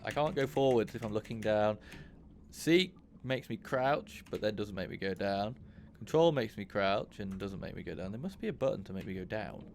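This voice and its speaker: Gravelly low-voiced gamer man. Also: slight background noise. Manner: thinks aloud, grows frustrated and swears. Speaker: gaming channel host. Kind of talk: casual let's-play commentary.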